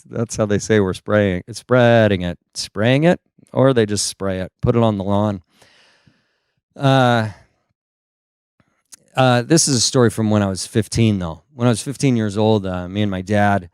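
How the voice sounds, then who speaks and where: A man's voice: on the low side, a little mellow, clean tone, no room sound, clean studio sound. A male stand-up comedian telling rambling, self-deprecating stories with lots of "uh" asides. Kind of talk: stand-up storytelling.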